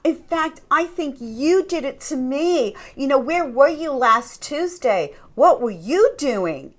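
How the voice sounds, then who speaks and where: This is a self-pitying, accusing partner, as a woman mimics them, pitched higher than her usual voice. The protests come fast and whiny, bouncing each accusation back. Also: animated. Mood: defensive.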